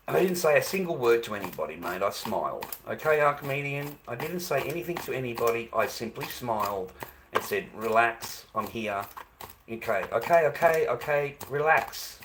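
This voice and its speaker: A man's voice: mid-range voice, very animated, fairly quick, background noise. Exasperated man venting on a livestream. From Australia. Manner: exasperated, swearing, repeats himself. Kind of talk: casual ranting to a live chat.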